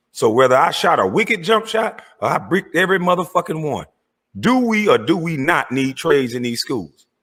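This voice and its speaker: Man, husky voice, furious profane rant, confrontational call-out. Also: mid-range voice, fairly bright tone. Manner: confrontational, cursing, calling out rivals. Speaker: online commentator.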